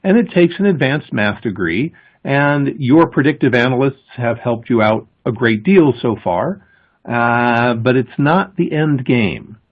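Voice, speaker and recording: A man giving a conference presentation, explaining with emphasis and pausing before key words. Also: medium pitch, animated, husky. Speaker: conference speaker. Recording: thin, phone-like lo-fi audio.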